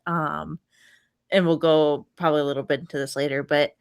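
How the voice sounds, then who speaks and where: Podcast guest: woman with a very low voice, reflective, lots of ums. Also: fairly even intonation, a little fast, gravelly, clear, resonant tone. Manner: thoughtful, frequent ums and soft laughs. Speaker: guest, Reiki practitioner. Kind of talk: casual podcast conversation.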